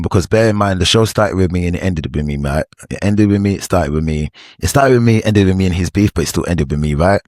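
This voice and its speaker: A young man, a former reality show cast member, telling a slang-heavy story in an animated, repetitive way. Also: sits low, fast talker, dry recording, clean studio sound. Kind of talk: storytime vlog.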